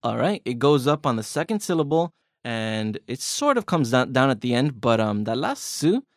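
A man's voice: mid-range voice, sing-song, moderate pace, dry recording, studio quality. A man hosting a casual language lesson, chatty and encouraging, walking through examples and playing out little scenes. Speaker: language teacher host.

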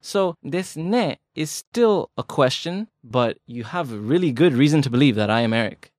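A man's voice: medium pitch, lively intonation, normal speed, no echo, clean studio sound. A man co-hosting a language lesson podcast, explaining grammar in a casual, chatty, joking way. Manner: laid-back, chatty, joking. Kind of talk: casual teaching chat.

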